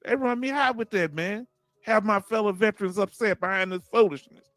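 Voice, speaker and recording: A man's voice: high-pitched, brisk, a bit bright, dry recording, soft background music. An older man with a Southern US accent hosting a casual livestream, emphatically talking to viewers he calls family and reading their comments aloud. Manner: emphatic, preachy, chuckling, addresses viewers as family. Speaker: livestream host and veteran.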